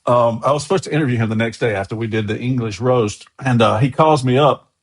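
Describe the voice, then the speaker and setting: A man's voice: mid-range voice, quick pace. American male guest, mid-range voice, chatty anecdotal storyteller. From USA. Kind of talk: casual interview storytelling.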